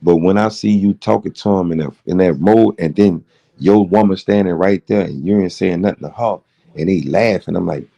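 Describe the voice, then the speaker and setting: A man's voice: deep voice, normal speed, gravelly, dark tone, lo-fi sound. A middle-aged man hosting a late-night livestream, rambling through a heated, profane story. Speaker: livestream host.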